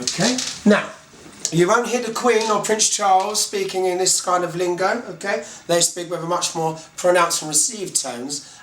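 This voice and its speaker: A man's voice: high voice, fairly bright tone, roomy sound, slight background noise. A man with a Cockney London accent teaching slang in a casual lesson, chatty and often checking in with "okay". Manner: chatty, repeats "okay" often, slow deliberate words. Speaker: English teacher.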